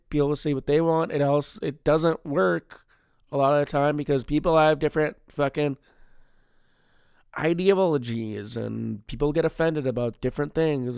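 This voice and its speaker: A man's voice: on the high side, creaky, a little mellow, smooth, no room sound, clean studio sound. A young man hosting his solo podcast, rambling, swearing constantly and poking fun at himself. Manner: rambling, heavy swearing, self-deprecating. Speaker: podcast host. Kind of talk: casual solo podcast chat.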